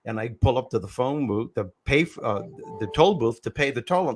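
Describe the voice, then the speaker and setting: A man's voice: medium pitch, expressive, brisk, soft background music. A man hosting a podcast conversation, telling stories with emphasis. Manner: emphatic storyteller. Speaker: host.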